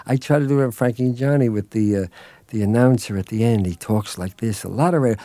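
A man's voice: fairly low pitch, steady tone, fairly quick, mellow, no room sound. A middle-aged man being interviewed as a film director, rambling through anecdotes in a self-deprecating way and chuckling often, in a dry radio studio. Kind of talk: relaxed anecdotal interview talk.

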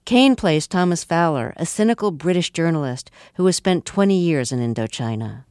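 A radio interviewer reading a scripted introduction and asking questions in a measured, read-aloud way. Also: medium pitch, expressive, darkish tone, clear, resonant tone, no room sound, studio quality.

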